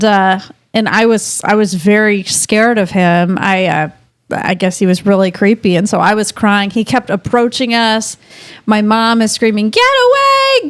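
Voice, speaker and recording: A woman's voice: mid-range voice, dry recording, studio quality. A woman in her thirties co-hosting a talk show, telling a story in a chatty, casual way and laughing often. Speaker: co-host. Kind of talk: casual chat.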